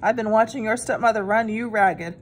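A woman's voice: on the high side, a little fast, close to an everyday voice. Woman putting on a brash wisecracking fairy goose. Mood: sassy. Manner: brash, offhand, slangy.

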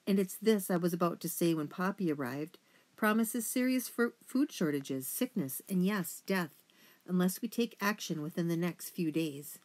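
A woman's voice: fairly low pitch, animated, moderate pace, darkish tone, close to an everyday voice. A woman voicing a pompous, self-important elderly male mouse who lectures his huge family in an audiobook. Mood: lecturing. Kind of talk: audiobook character reading.

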